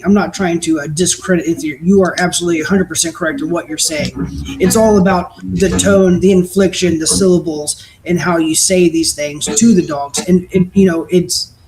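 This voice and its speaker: A man's voice: sits high, fairly even intonation, a little fast, music in the background, low-quality recording. A man who is a former military dog handler, chatting on a live panel. He explains bluntly and emphatically, with casual swearing.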